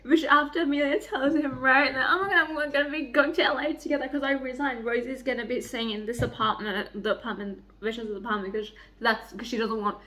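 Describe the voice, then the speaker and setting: A young woman chatting excitedly in a book vlog, gushing, giddy and swearing freely. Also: high voice, brisk, few pauses. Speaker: book vlogger. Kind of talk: excited reading vlog chat.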